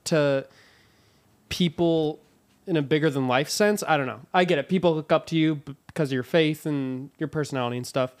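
A man's voice: on the high side, fairly quick. A man co-hosting a podcast, speaking in a thoughtful, hesitant way in casual chat. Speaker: podcast co-host.

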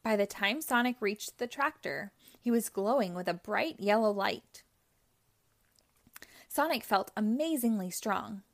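A woman reads a children's chapter book aloud at an unhurried pace. Her voice sits at a middle pitch, and she speaks each sentence clearly for young listeners. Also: animated. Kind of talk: read-aloud storybook narration.

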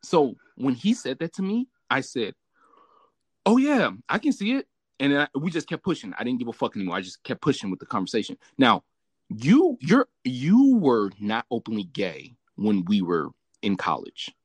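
At a moderate pace and medium pitch, a Southern California man hosts a casual podcast conversation in a dry recording. His story comes out animated, laced with swearing and frequent laughter.

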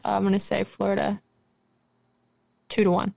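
A woman's voice: medium pitch, monotone, moderate pace, vocal fry, warm tone, dry recording. A woman co-hosting a casual sports podcast, playful and teasing as she makes her picks. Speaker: podcast co-host.

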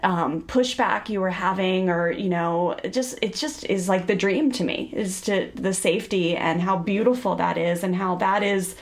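A woman's voice: lowish voice, steady tone, normal speed, hardly any pauses. A middle-aged woman hosting a parenting podcast, talking in an earnest, chatty way and laughing often. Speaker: podcast host and parenting educator. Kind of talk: casual podcast conversation.

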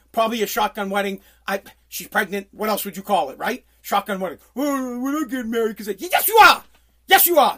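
Brief: forties New guy, radio regular, blunt profane rant, swings loud. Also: high-pitched. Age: 40s. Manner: profane, blunt, loud bursts when riled. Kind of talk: casual rant.

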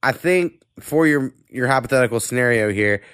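Hosting a podcast, a man chats casually, rambling and swearing freely while congested with a cold. His medium-pitched voice is fairly bright, clear and resonant, with lively intonation at a normal speed. The studio sound is clean, with no echo.

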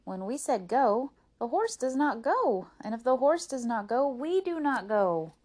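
A woman reading a children's book aloud, voicing May May, a bossy, excitable young woman singer traveling west. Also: mid-range voice, normal speed, close to an everyday voice. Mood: insistent.

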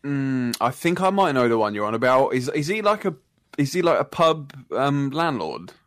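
A man's voice: mid-range voice, big pitch swings, moderate pace, no echo, studio quality. A young man with an English accent, joking and swearing as a guest in a casual chat. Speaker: podcast guest.

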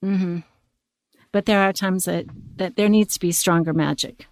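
A woman hosting and coaching, animated and stammering as she plays a wife in a role-play and gives advice. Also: fairly low pitch, moderate pace, dry recording. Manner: stammering, animated, often restarting her words. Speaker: host and relationship coach.

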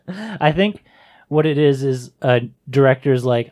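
A young man co-hosting a casual movie podcast, agreeable and quick to laugh while riffing on jokes. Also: medium pitch, lively intonation, a little mellow. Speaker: podcast co-host.

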